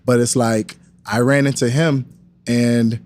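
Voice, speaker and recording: A man's voice: mid-range voice, takes it slowly. A young man, a podcast guest, telling a story in casual talk and acting out the voices of the people in it. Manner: animated, acts out quoted dialogue. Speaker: podcast guest, wrestling coach.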